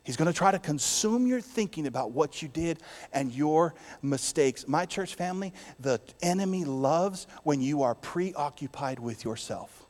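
A male pastor delivering a sermon in a lifted, fairly high voice, rising to loud declarations and then dropping to quiet, intimate lines. His voice carries a long reverb from a large church hall. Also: animated, a little slow. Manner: preaching with strong swings between loud and soft.

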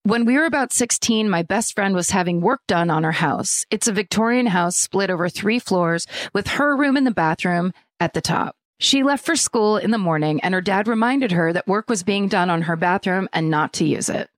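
A woman's voice: medium pitch, normal speed, hardly any pauses, no echo. A woman co-hosting a podcast, reading listener stories aloud with lots of laughter and dry asides. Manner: laughs often, reads with deadpan asides. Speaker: podcast co-host.

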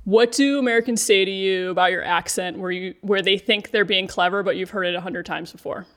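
A woman in her forties interviewing a guest, asking quick, playful questions. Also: medium pitch, fairly even intonation, a bit bright. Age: 40s. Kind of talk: casual interview.

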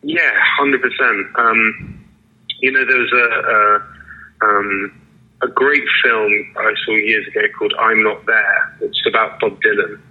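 An actor answering interview questions casually, hesitant with many fillers and restarts. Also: male voice, lowish voice, fairly even intonation, unhurried. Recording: lo-fi phone-like line.

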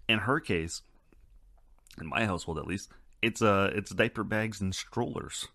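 A man's voice: on the low side, slow pace, pauses often, pushed and bright, no room sound, clean studio sound. A man hosting a casual solo podcast, talking in a loose, rambling and profane way. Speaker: podcast host.

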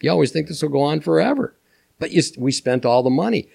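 An older man from Minnesota, a podcast guest telling animated anecdotes with chuckles. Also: a little high, fast talker, vocal fry, slightly rough. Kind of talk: storytelling interview.

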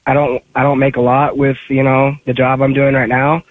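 A man's voice: medium pitch, monotone, normal speed, no echo. A man calling in to a radio show, chatting in an easygoing, laid-back way. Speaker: caller. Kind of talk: casual call-in chat. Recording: tinny phone line.

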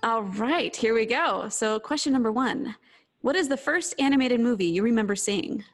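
Woman, podcast host, slightly high voice, brisk quiz questions, laughs often. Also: expressive, faint music behind. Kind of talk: casual interview.

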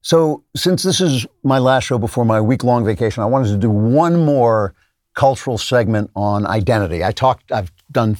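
A man's voice: mid-range voice, animated, moderate pace, a little mellow, no echo. A man hosting a solo commentary show, talking conversationally with frequent "uh" fillers on a close mic. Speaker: podcast host.

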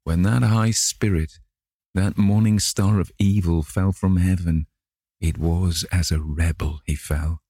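A man narrating a classic novel in a measured, dramatic reading. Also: deep voice, steady tone, mellow, no room sound, studio quality. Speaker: audiobook narrator.

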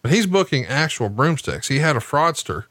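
Man, bright voice, profane, animated storytelling, dry close sound. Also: fairly high pitch, moderate pace, no room sound. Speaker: podcast co-host. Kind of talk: casual commentary while watching wrestling.

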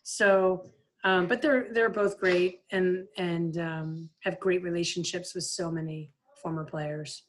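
Woman, 50s, lower register, lively anecdotal guest storyteller, conversational. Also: slow pace, a little hiss or hum. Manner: lively anecdotal, frequent "like" and "you know". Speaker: guest, former player and coach. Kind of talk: casual storytelling interview.

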